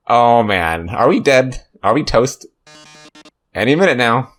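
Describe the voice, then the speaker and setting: A man's voice: mid-range voice, big pitch swings, measured pace, fairly bright tone, soft background music. A man hosting a let's play, giving jokey, sarcastic running commentary as he plays. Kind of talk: casual game commentary.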